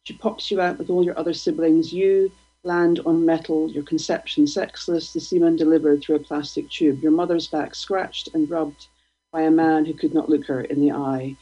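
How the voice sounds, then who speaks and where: A woman, a guest poet, reading her poems aloud in a slow, deliberate, provocative way. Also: deep voice, little pitch movement, dark tone, breathy edge. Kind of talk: poetry reading. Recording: dull lo-fi radio stream.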